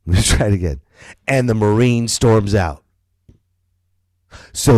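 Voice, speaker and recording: Rambling, animated comedian with a low voice. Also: male voice, slow, long pauses, no echo, clean studio sound. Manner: rambling and animated, with profanity and stumbles. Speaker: stand-up comedian and podcast host. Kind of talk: casual podcast monologue.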